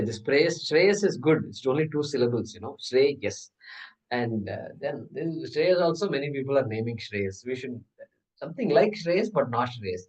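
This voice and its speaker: Scripture class in a class hall: a male Vedanta teacher with a mid-range voice explains each point in sequence, uses rhetorical questions, and chants Sanskrit terms. The recording is distant and of poor quality.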